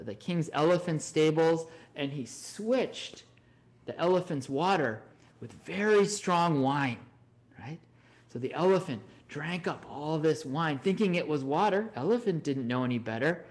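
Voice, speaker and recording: Man telling stories in a Dharma talk. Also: fairly high pitch. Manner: animated, frequent "right?" tag questions. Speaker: Dharma teacher.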